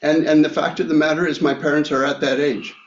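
A man preaching a sermon, reading scripture and sharing a personal story in a reflective way with many pauses and fillers. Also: a little high, little pitch movement. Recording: echoey room, slightly dull sound.

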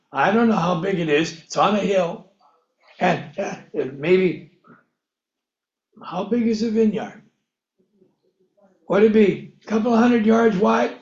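A man's voice: high voice, darkish tone. A man preaching a Bible-teaching sermon who asks rhetorical questions and then answers them himself. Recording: echoey room, dull lo-fi sound.

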